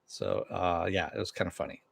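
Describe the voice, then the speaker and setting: A man's voice: low voice, brisk, vocal fry, fairly bright tone, breathy edge, no room sound. A man hosting a casual TV recap and review, blunt and rambling, with many restarts and fillers, answering live chat while wearing headphones. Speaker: show host.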